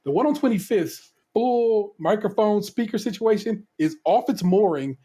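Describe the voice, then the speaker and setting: A man in his thirties, telling a story in casual podcast chat, animated and profane, acting out what people said. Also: sits high, normal speed, slightly rough. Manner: animated, profane, acts out quotes. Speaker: podcast co-host.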